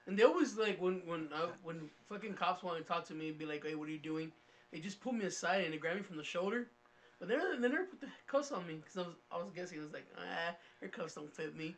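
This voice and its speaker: A man co-hosting a podcast, telling a story in casual chat among friends and acting it out loudly. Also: high-pitched, fast. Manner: animated, loud when acting out his story. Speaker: podcast co-host.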